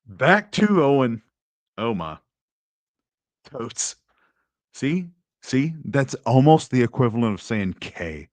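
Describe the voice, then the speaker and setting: A man's voice: medium pitch, big pitch swings, slow, no room sound. A man hosting an online commentary show, talking in a sarcastic, mock-indignant way. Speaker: host. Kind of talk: casual commentary.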